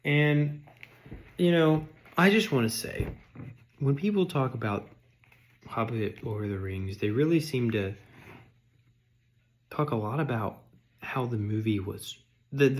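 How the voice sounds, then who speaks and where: A man's voice: mid-range voice, normal speed, pauses often. Mock-outraged ranting man. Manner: mock-outraged, sarcastic, insulting the audience. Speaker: vlogger. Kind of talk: comedic rant.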